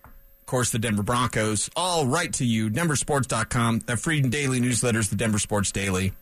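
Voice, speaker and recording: In a studio, a man hosts a sports talk radio show, ranting and cracking jokes with rambling asides. His mid-range voice moves at a moderate pace, animated and wisecracking.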